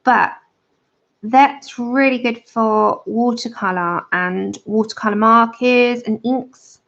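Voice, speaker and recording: Gravelly woman chatting on a stream. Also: a little high, slow pace, a bit bright. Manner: chatty, greets viewers by name while colouring. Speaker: livestream host of a colouring channel. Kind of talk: casual livestream chat. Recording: dull lo-fi stream audio.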